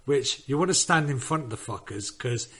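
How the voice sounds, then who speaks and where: A man chatting on a podcast with a bright, forward voice. He rambles through his stories, swearing freely and restarting his sentences. His pitch sits in the middle. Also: expressive, brisk, slightly rough. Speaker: podcast panelist. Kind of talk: casual chat.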